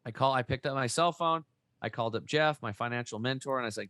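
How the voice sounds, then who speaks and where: A man in his forties, a guest on a talk show, telling his story in a folksy, excitable way with mild swearing. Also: mid-range voice, fast, no echo. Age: 40s. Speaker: podcast guest. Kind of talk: casual interview storytelling.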